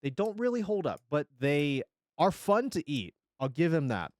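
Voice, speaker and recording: Animated, swearing streamer in his forties. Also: on the high side, moderate pace, no echo, studio quality. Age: 40s. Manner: rambling, profane, jokey, reacting to chat. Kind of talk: casual live-stream chat.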